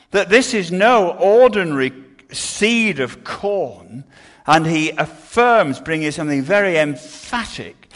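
A man's voice: a little high, animated, slow pace, a bit bright. An older man preaching an earnest sermon, often restarting his words.

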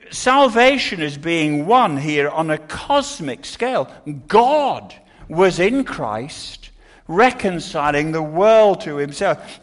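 An older man preaching an earnest sermon, often restarting his words. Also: high voice.

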